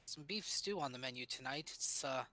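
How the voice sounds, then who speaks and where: Game master, male, bright tone, hesitant filler-heavy narration. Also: mid-range voice, a little fast. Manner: hesitant, many ums and uhs.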